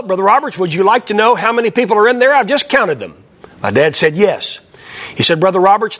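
An older man preaching, telling a family testimony in an animated storytelling manner and voicing the people in it. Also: fairly high pitch.

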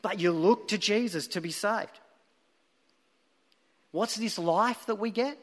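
High-voiced preacher in a reverberant hall. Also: male voice, slow pace. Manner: earnest, emphatic storytelling. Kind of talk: sermon.

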